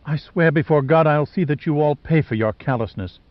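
A man's voice: on the high side, a little fast, dry recording, natural voice. A defiant woman, angry and afraid, snapping out her lines, as a male narrator reads her. The sound is dry and somewhat dull. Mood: outraged. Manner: snapping, outraged. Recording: dull lo-fi audiobook recording.

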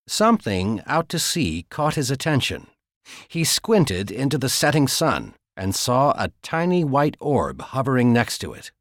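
In a steady, measured storytelling voice, a man narrates a thriller audiobook from a script. His voice sits in the mid range, and the recording is dry and studio-clean.

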